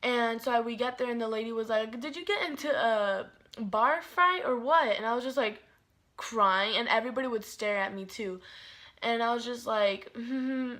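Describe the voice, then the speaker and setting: Young female vlogger, slightly high voice, rambling storytime delivery full of fillers. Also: normal speed, a bit bright. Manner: chatty, fillers of like, quoting herself dramatically. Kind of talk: casual storytime.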